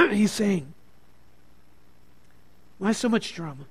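Pastor, male, high-pitched, animated sermon delivery, dips quiet then builds loud. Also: takes it slowly, husky. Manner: animated preaching, swinging from quiet to emphatic.

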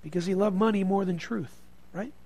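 Pastor, male, high-pitched, animated sermon delivery, dips quiet then builds loud. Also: fairly quick. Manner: animated preaching, swinging from quiet to emphatic.

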